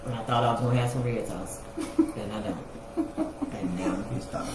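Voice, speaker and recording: A woman co-hosting a casual live chat, talking in dry, mumbled deadpan asides. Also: rumbling low, moderate pace, gravelly. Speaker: co-host of a live chat show. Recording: distant echoey mic with noise.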